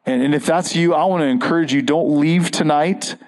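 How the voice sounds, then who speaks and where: A man's voice: a little high, brisk, darkish tone, poor audio. A man preaching an earnest, conversational sermon as a pastor, often restarting his phrases.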